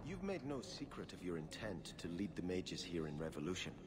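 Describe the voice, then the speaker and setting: An actor playing a stern templar officer in a video game, gravely warning of death. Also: male voice, sits low, sing-song, brisk, noisy background. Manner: grave, threatening.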